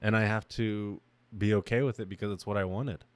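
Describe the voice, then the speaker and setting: A man's voice: on the low side, fairly even intonation, a little fast, clear, resonant tone, no room sound. A young man hosting his own podcast, talking about himself in a raw, emotional monologue that halts and restarts. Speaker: podcast host. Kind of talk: personal reflective monologue.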